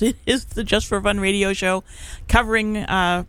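Casual live chat comes from a middle-aged community radio DJ in the studio, with a clear, resonant, slightly bright mid-range voice and no echo. They ramble and stall, restarting sentences often, filling pauses with "uh" and "um," and chuckling easily.

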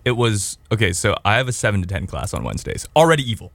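Young male college radio co-host, lowish voice, rambling chatty delivery, dry close mic. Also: quick pace, creaky, no room sound. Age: young adult. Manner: rambling, animated storytelling with many fillers. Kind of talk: casual chat. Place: small radio studio.

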